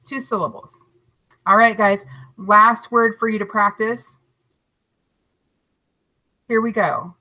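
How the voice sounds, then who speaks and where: A woman teacher giving a recorded lesson to young children, stretching out each word slowly and encouraging them. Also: mid-range voice, pushed and bright, poor audio. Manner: slow, drawn-out modeling of words, encouraging.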